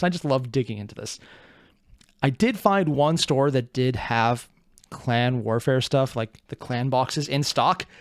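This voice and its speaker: A man hosting a reaction video, talking in a rambling, excitable way with joking asides. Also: medium pitch, dry recording, studio quality. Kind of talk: casual reaction commentary.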